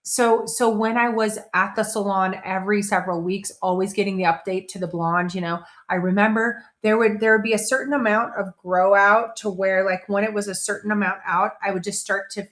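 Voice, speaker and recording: A woman's voice: medium pitch, fairly even intonation, fairly quick, hardly any pauses, a bit bright. A middle-aged woman hosting a casual motivational talk, conversational, restarting her sentences and slipping into playful quoted voices. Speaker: host.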